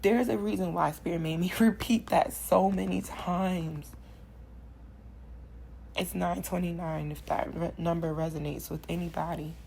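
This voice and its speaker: A woman's voice: on the low side, steady tone, a little slow, vocal fry, darkish tone, slight background noise, poor audio. A young woman doing a channeled tarot reading, preaching affirmations with passion and sighing between lines. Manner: impassioned, preachy, repetitive affirmations. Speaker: spiritual card reader.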